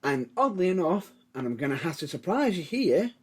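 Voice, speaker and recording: A man's voice: fairly high pitch, big pitch swings, brisk, husky. A man co-hosting a podcast, chatting enthusiastically and rambling with lots of restarts. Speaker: podcast co-host. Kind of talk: casual chat.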